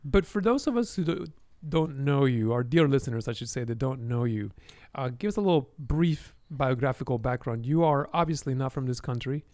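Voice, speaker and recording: A man's voice: medium pitch, animated, fairly quick, few pauses, a little mellow, no room sound. Male podcast host, friendly interviewer, dry close sound. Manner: friendly, asks questions. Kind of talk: casual interview.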